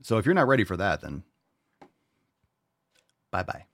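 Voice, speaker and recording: A man's voice: low voice, sing-song, moderate pace, fairly bright tone, no room sound. A man hosting a show and answering listener questions, giving a blunt, profane motivational rant. He mocks people in whiny put-on voices.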